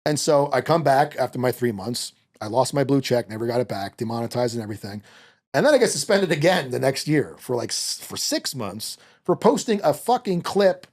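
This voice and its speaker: A man talking as a podcast guest in a fast, heated, profane rant. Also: medium pitch. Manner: fast, animated, profane ranting.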